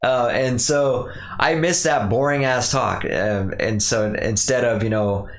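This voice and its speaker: A man's voice: medium pitch, a little slow. A young man hosting a podcast, rambling casually through a solo rant and mimicking other people in quotes. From Pacific Northwest. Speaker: podcast host. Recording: echoey room.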